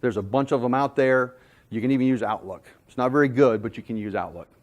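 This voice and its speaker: A man giving a sales management talk, telling jokey stories in an animated, self-deprecating way to a room. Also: medium pitch, fast talker. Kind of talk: storytelling presentation.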